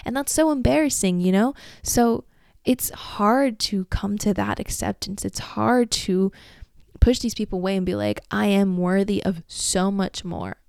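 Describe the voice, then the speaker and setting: A woman's voice: mid-range voice, unhurried, creaky, a little mellow, clear, resonant tone, no echo, clean studio sound. A young woman in her twenties hosting a solo podcast, talking candidly and emotionally about a breakup and swearing freely. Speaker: podcast host.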